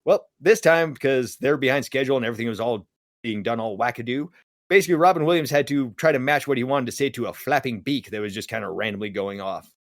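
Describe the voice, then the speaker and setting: A man with a mid-range voice speaks quickly, recorded dry with studio quality. He co-hosts a casual podcast, animatedly telling a story and acting out the voices of the people he quotes.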